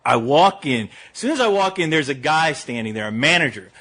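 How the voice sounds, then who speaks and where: A man's voice: fairly high pitch, sing-song, fairly quick, fairly bright tone. A man who reviews movies, telling a story in casual podcast chat and laughing often as he talks.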